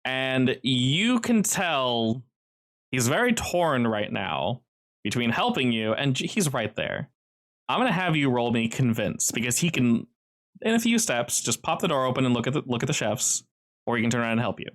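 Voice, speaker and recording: Animated game master man. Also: mid-range voice, moderate pace. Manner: explanatory, laughs often. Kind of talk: narrating a tabletop game.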